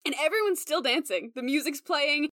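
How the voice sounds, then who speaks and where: A young woman running a tabletop game as game master, narrating in an animated way, full of "like" fillers. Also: sits high, moderate pace, dry recording, clean studio sound. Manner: animated, lots of "like" fillers, breaks into character voices.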